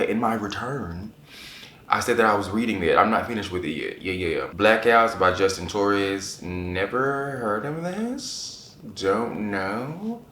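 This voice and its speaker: A man chatting casually to camera as a book reviewer, animated and repeating phrases for emphasis. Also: lowish voice, slight background noise. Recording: echoey room.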